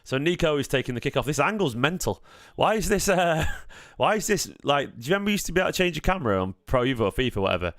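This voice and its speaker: A man hosting a live football watchalong, chatty and jokey, quick to get excited. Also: a little high, dry recording, studio quality. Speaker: fan channel host.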